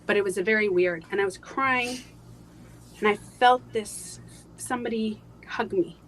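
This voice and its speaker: A woman guest in a live interview, telling a personal story in a halting way, with many fillers and restarts, going soft on painful moments. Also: mid-range voice, a little hiss or hum, low-quality recording.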